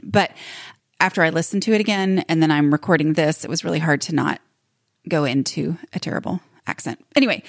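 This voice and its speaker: A woman's voice: mid-range voice, no room sound, studio quality. Chatty woman hosting a podcast. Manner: chatty, rambling, with many fillers and restarts. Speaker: podcast host. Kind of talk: casual podcast intro.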